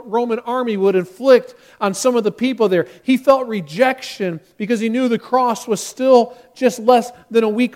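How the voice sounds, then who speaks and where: A man preaching a sermon as pastor, talking directly to his congregation and acting out quotes with rising force. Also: sits high.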